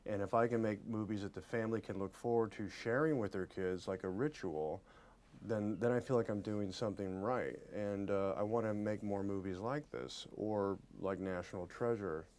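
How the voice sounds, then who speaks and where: A man in his forties giving a press interview as an actor, earnest and halting, often repeating his words. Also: lowish voice, darkish tone.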